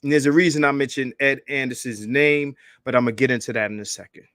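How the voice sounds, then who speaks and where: A man's voice: medium pitch, fairly even intonation, fast talker, no echo, clean studio sound. Hyped, profane man hosting a livestream. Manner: hyped, profane, calls out shout-outs and begs for likes. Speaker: livestream host. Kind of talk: casual livestream commentary.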